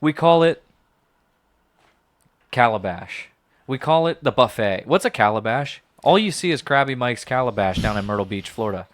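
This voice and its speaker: A man's voice: mid-range voice, animated, normal speed, dry recording. A man co-hosting a podcast in a studio, talking in a jokey, riffing, playful way. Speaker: podcast co-host. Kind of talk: casual chat.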